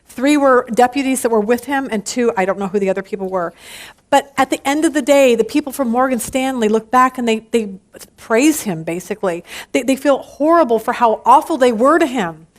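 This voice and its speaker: A woman with a high voice teaches a church Bible study group. She speaks earnestly and presses her points home with emphatic urging, often restarting mid-sentence. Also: fairly quick.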